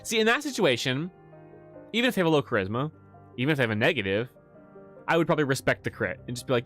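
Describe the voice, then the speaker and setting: A man hosting a relaxed livestream, chatting casually as a game master about his campaign, with a self-deprecating, joking manner. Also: medium pitch, quick pace, pauses often, faint music behind. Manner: relaxed and chatty, laughs at himself. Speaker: game master and channel host.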